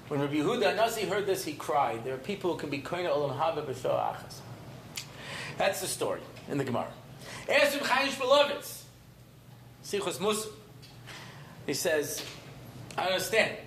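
Middle-aged rabbi guy, high voice, joking lecture, echoey room. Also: a bit bright. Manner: humorous, digressive, mixes in Hebrew terms. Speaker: rabbi teaching a class. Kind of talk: informal Torah lecture. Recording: roomy echo, faint room noise.

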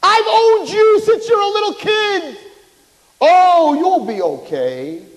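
A man voicing a sneering male Satan who gloats and shouts threats, in a hall with long reverb. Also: extremely high pitch, animated, slow pace, voice pushed up, full character voice. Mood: gloating. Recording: hall reverb, faint ambience.

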